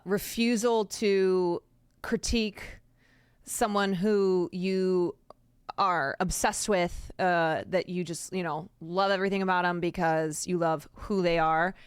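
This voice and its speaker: A woman streaming her reaction to a video, talking casually in a smooth, clear voice. She rambles, restarts her sentences and repeats words for emphasis. The sound is dry and close. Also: fairly low pitch, dry recording. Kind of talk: casual live-stream commentary.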